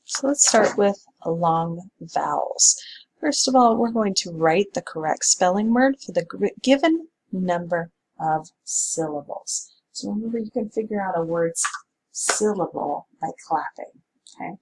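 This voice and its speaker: A woman's voice: mid-range voice, expressive, a little slow, a little mellow, poor audio. A woman teacher giving a recorded spelling lesson, patiently sounding out words.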